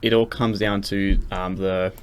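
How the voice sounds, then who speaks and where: A man's voice: sits low, little pitch movement, unhurried, clean tone. A young man talking casually through a music production tutorial, loose and rambling with lots of fillers and restarts. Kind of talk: casual screen-recorded tutorial. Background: loud synth music and keyboard typing.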